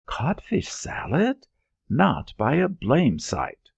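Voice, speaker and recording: A cocky, pig-headed young spy who answers in short, defiant bursts, as a man puts him on. The voice is raised well above the reader's own and swings widely. It has a husky edge and sits in a dull, lo-fi recording. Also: a little high, wildly swooping pitch, slow, no echo, pitched above the performer's own voice, exaggerated voice. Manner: curt, defiant. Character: stubborn young male spy, blunt and cocky.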